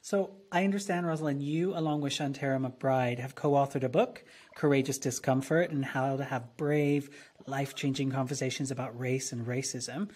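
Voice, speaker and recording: Man, interview host, husky voice, brief remarks. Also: mid-range voice, steady tone, moderate pace, a little mellow. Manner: brief affirming comments, then reads a question.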